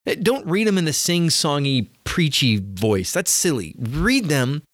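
A man's voice: fairly high pitch, very animated, moderate pace, dry recording. A middle-aged man giving an earnest sermon-style teaching, often repeating words as he starts phrases. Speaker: teacher of faith.

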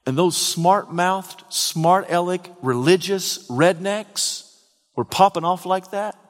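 A man preaches a sermon in a fairly high voice. He swings dramatically from near-whispers to loud shouts. A long reverb trails each phrase. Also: slow. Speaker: pastor.

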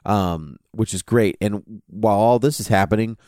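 A man co-hosting a podcast in casual chat, chatty and quick to laugh and sing a line. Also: fairly low pitch, darkish tone, dry recording, studio quality. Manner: chatty, breaks into song and laughter. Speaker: podcast co-host.

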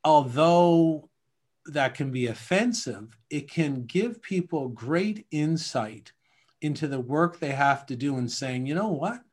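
A man's voice: on the high side, animated, slow pace, darkish tone. A man from Canada talking in a casual podcast conversation, emphatic and rambling, often acting out little scenes.

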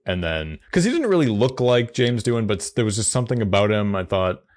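A man's voice: fairly low pitch, big pitch swings, quick pace, a little mellow. A man co-hosting a podcast, chatting casually and rambling with frequent restarts. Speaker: podcast co-host. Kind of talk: casual chat.

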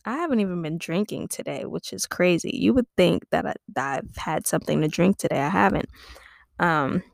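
A woman's voice: on the low side, lively intonation, a little fast, creaky, dry recording, clean studio sound. A woman comedian podcasting, making up a silly story in a rambling, giggly, self-amused way. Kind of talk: improvised comic storytelling.

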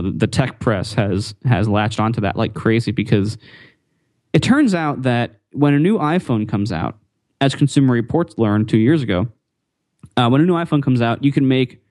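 A man chats casually on a tech podcast, thinking out loud with lots of ums and repeated words. His voice sits in the middle range and is recorded dry and close. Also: mid-range voice, dry recording. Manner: rambling, repeats words, frequent fillers.

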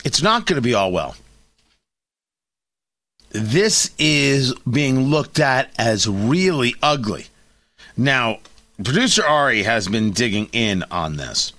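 A middle-aged man hosting a radio talk show, giving opinionated commentary with sarcasm and quick asides. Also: mid-range voice, no room sound. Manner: sarcastic, animated, quick asides and mock voices. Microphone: studio microphone.

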